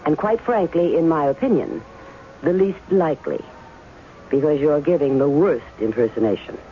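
An actress playing a guarded woman testing a man who claims to be her ex-husband in a 1970s radio drama, cool and sharp. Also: low-pitched, animated, normal speed, a little hiss or hum. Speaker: radio drama actor and first-person narrator. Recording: tinny old radio broadcast with faint music.

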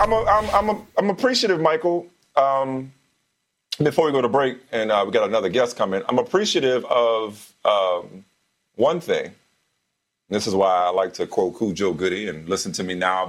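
A man hosting a sports talk show, debating with his co-host in a casual, animated way, often repeating himself as he talks. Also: mid-range voice, husky.

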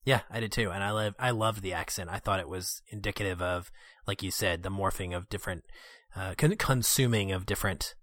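A man's voice: low-pitched, fairly quick, few pauses, fairly bright tone, no echo. A man hosting a casual film podcast, upbeat and eager as he plugs the show. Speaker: podcast host.

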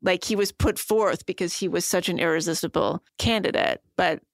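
A woman's voice: on the low side, moderate pace, gravelly. A woman guesting on a podcast, blunt and opinionated in conversation. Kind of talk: casual conversation.

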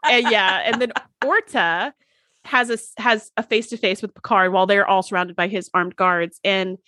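A woman co-hosting a podcast, retelling scenes of an episode with expressive storytelling and quick agreeing interjections. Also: medium pitch, no echo, studio quality. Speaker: podcast co-host. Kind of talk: casual chat recapping a TV episode.

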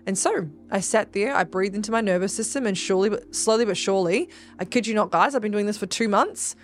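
A woman's voice: medium pitch, fast, soft background music. Chatty, emphatic woman coach. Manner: chatty and emphatic, swears freely, addresses listeners as guys. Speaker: podcast host and spiritual business coach. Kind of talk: casual motivational monologue.

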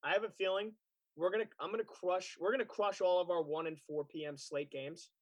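A man's voice: high voice, steady tone, brisk, no echo. A man co-hosting a sports betting podcast, chatting confidently about his picks. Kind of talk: casual sports betting chat.

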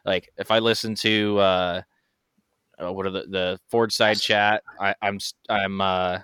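Man, podcast co-host, low but bright voice, dry, rambly chat. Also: flat delivery, measured pace, clean tone, dry recording. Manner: rambling, chatty, self-interrupting.

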